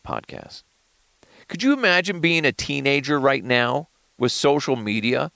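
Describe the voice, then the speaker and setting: A man hosting a podcast in casual solo talk, animated and joking, rambling through stories. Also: medium pitch, unhurried, vocal fry, no room sound. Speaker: podcast host.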